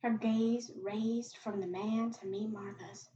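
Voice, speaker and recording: A woman podcast host reading a short story aloud in a steady, quiet narrating voice. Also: fairly high pitch, slow, hardly any pauses, a little hiss or hum. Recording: echoey, distant, muffled home recording.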